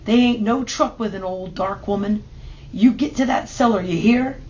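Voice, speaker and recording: A woman's voice: mid-range voice, moderate pace, a little mellow, dull audio, slight background noise, lightly acted. Woman voicing an urgent protective old woman. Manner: urgent, commanding, Southern country speech.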